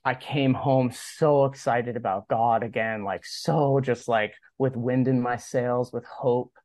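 Slow and steady, a podcast guest who skates professionally recounts a personal story in a loose, rambling way, peppered with "like" and acted-out quotes. His voice is medium-pitched and darkish, with no echo.

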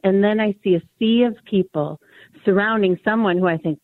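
A woman's voice: medium pitch, lively intonation, a little fast, dry recording, narrow, tinny audio. A woman, a coworker joining the show, talking casually and laughing often. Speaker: coworker guest. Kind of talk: casual chat.

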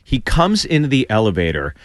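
Animated male comedian telling a story. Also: fairly low pitch, fairly quick, no echo, clean studio sound. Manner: animated storyteller, acts out the voices. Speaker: guest comedian. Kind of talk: storytelling on a podcast. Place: radio studio. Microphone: studio microphone.

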